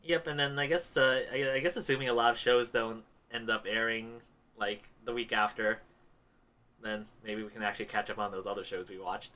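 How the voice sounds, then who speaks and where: Male podcast co-host, relaxed and speculative, bright timbre. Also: lowish voice, a little fast. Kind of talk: casual chat.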